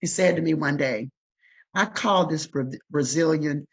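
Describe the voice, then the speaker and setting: A woman's voice: low voice, normal speed, vocal fry, husky, poor audio. An older woman, a guest in an interview, telling her life story emphatically and acting out what others said. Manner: emphatic, animated retelling with voiced quotes. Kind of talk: storytelling in conversation.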